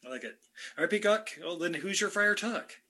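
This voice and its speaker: Jokey guy hosting a podcast, husky bright voice, laughs a ton, swoops around in pitch. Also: brisk. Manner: jokey, laughs often, animated. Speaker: podcast host. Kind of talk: casual fan-casting chat.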